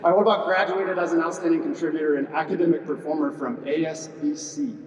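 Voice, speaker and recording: A fast-talking man with a voice on the high side, middle-aged, presides as squadron commander over a retirement ceremony. His humorous speech is chatty, laced with "uh" fillers and back-and-forth with the audience. It's recorded from a distance in an echoey large hall.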